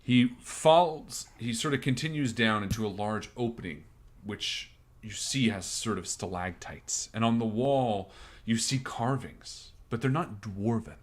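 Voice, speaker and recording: A man with a very low voice runs a tabletop game, narrating in a loose, rambling way. He fills pauses with "like" and "uh" as he describes the scene. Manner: relaxed, rambling narration with fillers. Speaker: game master.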